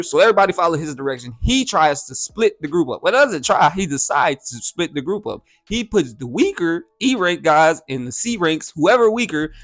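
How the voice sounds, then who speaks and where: A man talks through an anime episode in a loose, slang-heavy reaction style and keeps checking in with his listeners. His voice sits a little high and swings widely in pitch. Soft music plays faintly underneath. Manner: slangy, animated, repeats "you feel me". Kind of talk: casual anime reaction and review.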